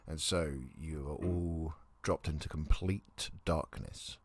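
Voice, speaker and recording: A man with a low voice narrates a tabletop game as dungeon master. He describes scenes in a calm, measured way, with the odd hesitant filler. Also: husky, no room sound.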